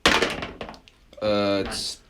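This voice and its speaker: A man playing and commentating a tabletop wargame, talking excitedly with loud bursts of cheering and groaning at dice rolls. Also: fairly low pitch, extremely slow, noisy background.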